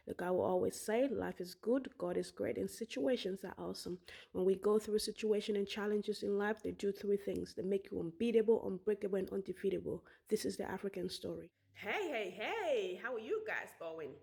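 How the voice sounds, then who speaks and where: A woman's voice: medium pitch, gravelly, a little mellow, echoey room. A woman hosting a motivational talk show, upbeat and emphatic as she speaks straight to her listeners. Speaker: host.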